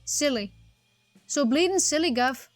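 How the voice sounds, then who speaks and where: A woman's voice: high-pitched, animated, a little slow, dry recording, soft background music, voice pushed up. A woman voicing a bumbling male police constable with a put-on Cockney accent, melodramatic and weepy, in a text game. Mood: distraught. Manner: weepy, melodramatic, rhyming slang.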